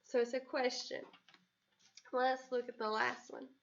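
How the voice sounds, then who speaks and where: High, gravelly-voiced woman teaching children. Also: a little slow. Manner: clear, patient explanation with playful, excited example voices. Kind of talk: recorded classroom lesson for children. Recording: dull lo-fi recording.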